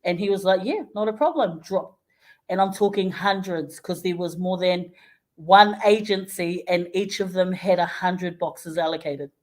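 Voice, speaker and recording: A woman with a New Zealand English accent, a guest in a casual radio interview, telling a story lively and acting out the people she quotes. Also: on the low side, normal speed. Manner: lively storyteller who acts out quoted voices, often laughing. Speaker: interview guest, community health worker.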